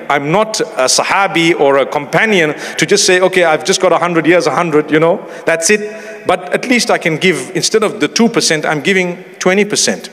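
A man's voice: fairly high pitch, fairly quick, a bit bright. A middle-aged man preaching a sermon in a chatty, humorous way, with Arabic phrases woven in. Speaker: Islamic preacher. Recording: long hall reverb.

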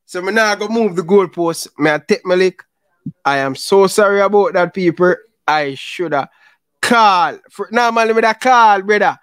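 Jamaican male host, raised pitch, dry recording, casual patter. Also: moderate pace, a bit bright, no room sound. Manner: apologetic, laughing often, repeats "brother". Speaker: football talk show host. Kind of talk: casual argumentative chat.

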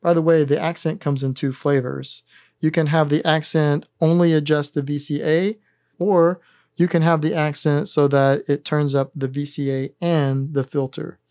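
A man hosting a synthesizer tutorial, calmly talking through each button press in a methodical step-by-step demonstration. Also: on the high side, moderate pace, no echo, clean studio sound, faint music behind.

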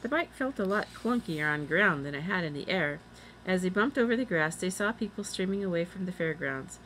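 Bright-voiced woman reading a storybook. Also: fairly low pitch, expressive, brisk, a little hiss or hum, rough recording. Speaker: reader. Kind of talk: storybook read-aloud.

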